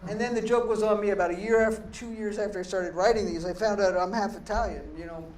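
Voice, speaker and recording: A man's voice: high voice, steady tone, quick pace, darkish tone. A middle-aged man, a poet performing live in a gallery, who chats in a rambling, profane, self-deprecating way between readings. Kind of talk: live spoken-word performance with banter. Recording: echoey room, distant mic, faint noise.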